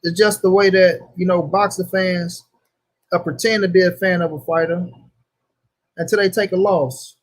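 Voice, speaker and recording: A man's voice: high voice, fairly even intonation, moderate pace. A young man hosting a casual livestream, talking loosely in slang and greeting viewers by name. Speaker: livestream host.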